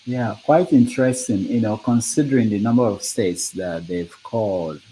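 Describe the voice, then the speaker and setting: A man's voice: fairly low pitch, moderate pace, warm tone, breathy edge, low-quality recording. A man hosting a casual live discussion who laughs often and reads out results as they come in. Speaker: host. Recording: faint background noise.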